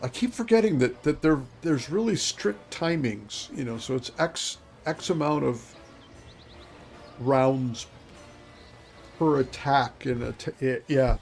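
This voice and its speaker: A man's voice: mid-range voice, expressive, slow, vocal fry, darkish tone, faint music behind. A man in his fifties streaming a game and chatting casually, rambling to himself as he plays. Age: 50s. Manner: rambling, talks to himself, chuckles. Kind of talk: casual gameplay commentary.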